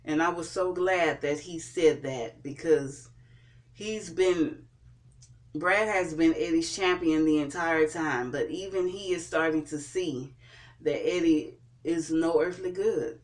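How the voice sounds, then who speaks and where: A vlogger recapping and reviewing a TV episode in a casual way, pausing often and restarting sentences. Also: mid-range voice. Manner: hesitant, with frequent fillers and restarts. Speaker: TV show reviewer.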